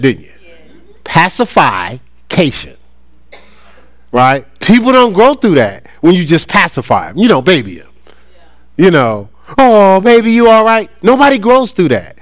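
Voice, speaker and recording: A middle-aged pastor with a drawl gives an animated, conversational sermon, his pitch leaping up and down as he acts out playful little voices. He sounds a touch higher than most men. The audio is dry and close, with no room sound.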